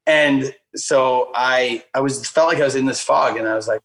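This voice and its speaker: Man, casual storytelling, animated, lots of fillers, acts out quotes, medium-pitched voice. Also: normal speed, hardly any pauses, poor audio. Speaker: guest speaker.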